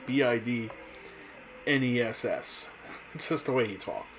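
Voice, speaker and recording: A man's voice: mid-range voice, lively intonation, moderate pace, a little hiss or hum, low-quality recording. A man talking casually in a rambling monologue, chatty and full of restarts.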